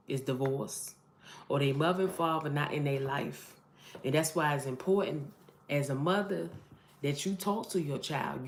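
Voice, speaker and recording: A mother and vlogger gives emphatic, preachy motivational advice to her camera, repeating phrases for emphasis. Her voice sits low and a little mellow, with a roomy echo in the recording.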